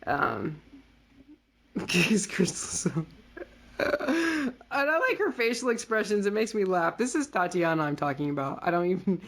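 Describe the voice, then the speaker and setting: A woman's voice: medium pitch, big pitch swings, a little slow, long pauses. A woman co-hosting a podcast, chatting casually with lots of fillers and playfully quoting characters. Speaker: podcast co-host. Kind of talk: casual recap chat.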